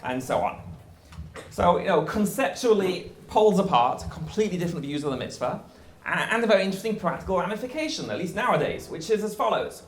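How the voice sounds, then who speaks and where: A man with a high voice, appearing as a guest rabbi, delivers a conversational lecture at a fast clip. He explains things in a lively way, sprinkling in wry jokes, and the room has a noticeable echo.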